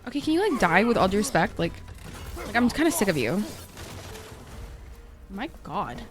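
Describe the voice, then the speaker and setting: A woman's voice: medium pitch, big pitch swings, moderate pace, long pauses. A woman streaming a game live, reacting with crude jokes and casual chatter. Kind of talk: live gameplay commentary. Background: game music and sound.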